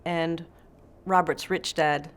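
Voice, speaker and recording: Lively storytelling middle-aged woman. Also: low-pitched, takes it slowly. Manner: animated anecdote-telling, acts out quotes. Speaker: guest. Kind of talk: interview storytelling.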